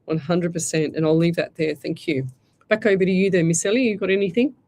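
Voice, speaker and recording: A woman's voice: on the low side, quick pace. An Australian woman hosting a live radio show, giving psychic readings in a chatty, rambling way. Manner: chatty, rambling, warm asides like "lovey". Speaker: psychic medium radio host.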